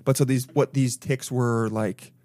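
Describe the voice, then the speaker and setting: Animated, joking male co-host. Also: measured pace, no echo. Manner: animated, swears freely, jumps into high excited voices. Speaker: podcast co-host. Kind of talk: casual comedic chat.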